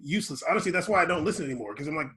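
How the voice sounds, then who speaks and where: Man, podcast co-host, rapid casual talk, fillers, slightly high pitch. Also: animated, bright, forceful tone. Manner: quick, laid-back, filler-heavy. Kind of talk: casual chat.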